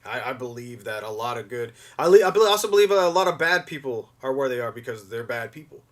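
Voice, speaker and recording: A young man hosting a livestream, chatting loosely to viewers with many fillers and restarts, often gushing with excitement. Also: medium pitch, quick pace. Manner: rambling, lots of fillers and restarts, gushes with excitement. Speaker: livestream host. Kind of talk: casual stream chat to viewers.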